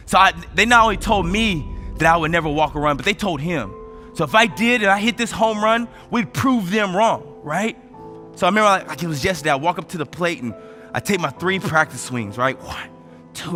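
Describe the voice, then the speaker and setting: High bright-voiced man giving an energetic speech. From United States. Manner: energetic storytelling, voice rising with emotion. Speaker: motivational speaker. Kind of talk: motivational speech.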